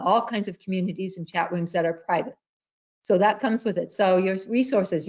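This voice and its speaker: A woman trading educator giving an emphatic webinar presentation, repeating her key points and telling stories. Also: mid-range voice. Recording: dull lo-fi webinar audio.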